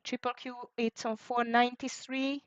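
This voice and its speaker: A woman's voice: a little high, level tone, moderate pace, no echo. A woman hosting a live trading stream, thinking aloud in slightly as she calls out prices and frets about the market. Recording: dry, dull lo-fi sound.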